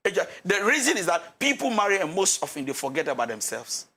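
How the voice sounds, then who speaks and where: A man's voice: high voice, big pitch swings, quick pace, pushed and bright, husky. A man with a Ghanaian accent giving marriage advice as a pastor on a talk show, switching between English and Twi and acting out the quarrels of couples. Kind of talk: animated talk-show counsel.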